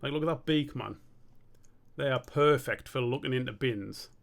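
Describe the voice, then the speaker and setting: Gravelly, sweary man. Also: medium pitch, moderate pace. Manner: rambling, sweary, thinking aloud. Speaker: streamer and animator. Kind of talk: casual live-stream chat.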